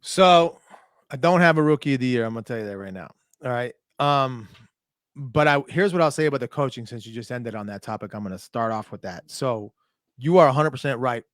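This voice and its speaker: A man's voice: mid-range voice, fairly quick, no room sound, clean studio sound. A young man from Minnesota, a point fighter guest on a podcast, telling a story in casual chat and acting out the quotes. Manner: animated storyteller, acts out quotes.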